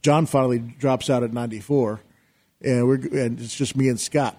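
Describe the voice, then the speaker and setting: A middle-aged man recounting a story as a talk show guest. He tells it with energy and acts out his own shouting in the retelling. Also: medium pitch, fairly even intonation, moderate pace. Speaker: guest, real estate investor.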